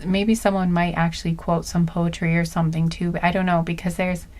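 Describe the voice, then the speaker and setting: A woman giving a casual spoken intuitive reading, gentle and earnest, often searching aloud for the right words. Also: lowish voice, flat delivery, a little fast. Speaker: intuitive card reader.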